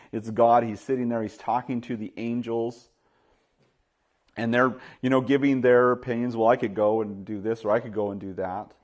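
A male pastor delivering a sermon in a fairly low voice. He tells stories and plays out the dialogue, peppering his talk with "you know", and climbs higher and louder when he drives a point home. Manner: storytelling, acts out dialogue, rises loud and high when stressing points; many fillers like "you know".

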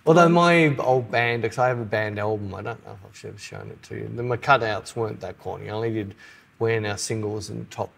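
A man's voice: lowish voice, fast, creaky. A man in middle age talks over a podcast in an easy, conversational way. He tells stories with animation, dropping into little voices for the people he quotes. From Australia. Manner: animated storyteller, acts out quotes. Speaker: podcast co-host. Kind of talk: casual chat.

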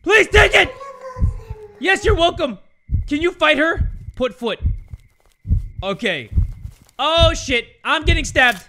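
A young man giving excitable let's play commentary on a game, breaking into shouts and yelps. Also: very high voice, slow, long pauses. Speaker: gaming YouTuber.

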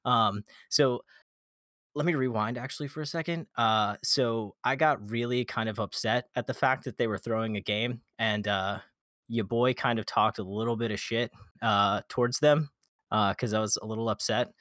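Animated, swearing male storyteller. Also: mid-range voice, normal speed, no echo, clean studio sound. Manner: animated, swears a lot, acts out quotes. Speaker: podcast guest. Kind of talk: casual storytelling.

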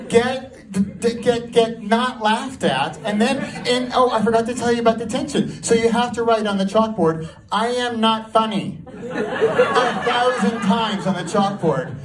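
A man performing a rambling, self-mocking live stand-up set, laughing at his own jokes in front of an audience. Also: very high-pitched. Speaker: stand-up comedy student performing a first set. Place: small comedy venue with a live audience. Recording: distant mic with audience noise.

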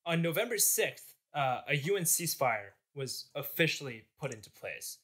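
A man's voice: fairly high pitch, big pitch swings, normal speed, a bit bright, slightly rough. A man hosting a comic history podcast, telling the story in a joking, chatty way.

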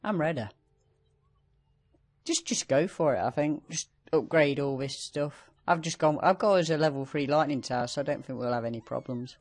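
A man's voice: fairly high pitch, normal speed. A man hosting a co-op gaming video, joking through casual, playful banter while he plays. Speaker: host.

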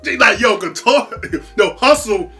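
A reaction host talks through a battle rap with a lively, swinging pitch. The voice is bright and forceful, full of slang and frequent laughter. Faint music plays in the background. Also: a little slow. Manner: animated, laughs a lot, repeats words, heavy slang. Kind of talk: casual reaction commentary.

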